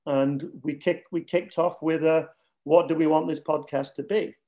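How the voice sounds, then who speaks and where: Middle-aged Mancunian man, jokey guest, slightly high voice. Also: steady tone, moderate pace, mellow, dull audio. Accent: Northern English, Manchester. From Northern England. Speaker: podcast co-host, guest. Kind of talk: casual radio chat.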